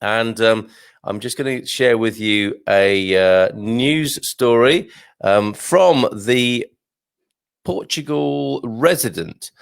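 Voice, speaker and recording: A man's voice: mid-range voice, slow, vocal fry, smooth, no echo, studio quality. Jovial chatty male quiz host. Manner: chatty and jovial, with frequent fillers and chuckles. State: sluggish and a little jaded. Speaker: host of a news and quiz show. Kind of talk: casual live-stream hosting. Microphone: desktop mic at a computer.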